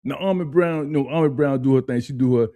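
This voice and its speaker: A man's voice: mid-range voice, fast talker, warm tone, no echo. A man hosting a casual reaction video, talking loosely with slang and repeated phrases before playing a clip.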